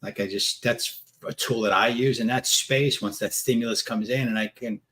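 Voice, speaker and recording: A man hosting a conversational interview, animated and quick to laugh, sometimes searching for his words. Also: medium pitch. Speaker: host.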